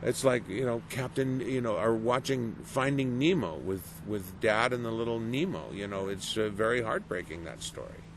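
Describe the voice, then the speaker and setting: A middle-aged man giving a casual interview as a voice actor, animated and storytelling, acting out quoted reactions. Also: mid-range voice, moderate pace, few pauses. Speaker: voice actor guest. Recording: noisy background.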